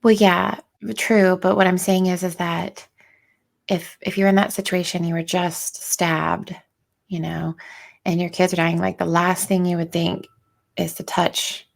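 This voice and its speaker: A woman's voice: lowish voice, little pitch movement, a little slow, gravelly. A woman co-hosting a podcast in casual talk, questioning and chatty, laughing lightly between points. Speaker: podcast co-host. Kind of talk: casual true-crime discussion.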